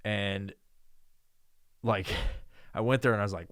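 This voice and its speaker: Cast a man from New York, podcast host: foul-mouthed, ranting, joking, smooth clear voice, dry close mic. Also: lowish voice, fairly even intonation, a little slow, long pauses, a bit bright, dry recording. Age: adult with a child. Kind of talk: podcast monologue.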